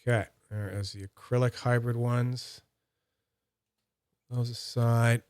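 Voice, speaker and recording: A man's voice: medium pitch, little pitch movement, slow pace, a little mellow, clean tone, dry recording. A man streaming live, chatting casually and talking through each step of a hands-on demo while answering his chat. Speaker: fidget toy streamer.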